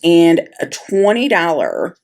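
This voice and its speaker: Slow, low-voiced woman telling a story. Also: huge pitch swings, darkish tone. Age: middle-aged. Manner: chatty, exasperated storytelling. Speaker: planner vlogger. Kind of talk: casual storytelling while planning.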